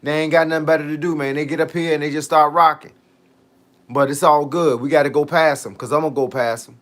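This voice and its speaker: A man's voice: on the high side, fairly even intonation. Laid-back man hosting a fitness livestream. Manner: laid-back slangy talk, drawn-out tangents. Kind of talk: casual livestream chat answering viewer comments.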